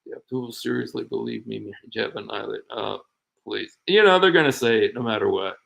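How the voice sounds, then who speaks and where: A middle-aged man hosting a casual livestream chat, rambling and animated with frequent laughs. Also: on the low side, brisk, gravelly, poor audio. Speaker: show host.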